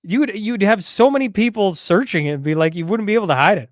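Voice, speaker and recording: A man hosting a casual podcast, excitable and quick to repeat himself as he wraps up the episode. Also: sits high, no echo, clean studio sound. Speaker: podcast host. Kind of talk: casual chat.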